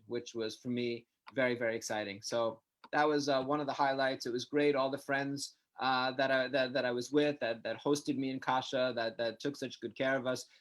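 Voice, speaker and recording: A man from New York hosting a live Q&A, telling stories in a chatty, animated way. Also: mid-range voice. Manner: chatty, animated anecdote-teller. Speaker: host, community center director. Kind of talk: live Q&A casual storytelling.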